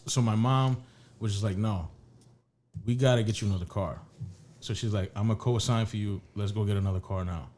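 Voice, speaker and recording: A podcast co-host with a fairly low, slightly mellow voice tells a long story at a fairly quick pace. The chat is casual, and he rambles, swears, and restarts often.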